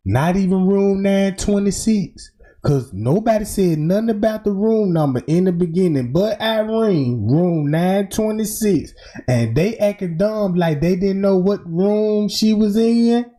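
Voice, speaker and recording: A livestream commentator walks through a true-crime theory in an informal way, often saying "boom" and "right?". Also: lively intonation, a little slow, warm tone.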